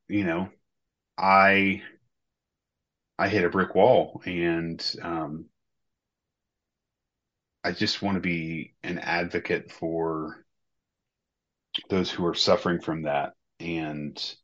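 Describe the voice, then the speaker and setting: A man speaks in a very deep, low voice, slow to find his words and leaning on fillers. The sound is dull and muffled, like a lo-fi remote recording. He talks casually as a podcast co-host. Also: a bit bright. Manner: hesitant, many pauses and fillers. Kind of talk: casual personal talk.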